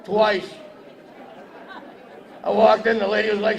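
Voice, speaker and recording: Measured and completely flat, with long pauses, a man with a high-pitched voice and vocal fry delivers a stand-up set. He brashly teases the live audience from an event hall stage with a podium, recorded amid echo and crowd noise.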